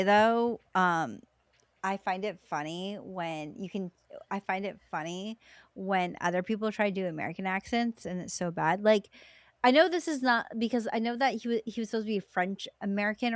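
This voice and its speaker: A woman co-hosting a book podcast in casual chat, talking in an animated way with quick asides. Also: mid-range voice, no room sound. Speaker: podcast co-host.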